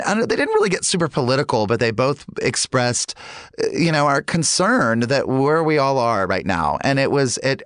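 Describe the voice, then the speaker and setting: Smooth-voiced man telling a rambling story. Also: medium pitch, a bit bright, dry recording, clean studio sound. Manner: rambling, full of fillers and restarts. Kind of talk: casual anecdote.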